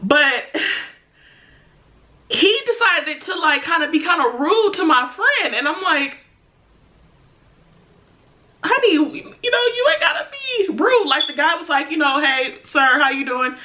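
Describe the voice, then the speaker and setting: Young woman vlogger, high and bright, acts out quotes in a laughing rant. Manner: animated, laughing storyteller acting out quotes. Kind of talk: storytime rant.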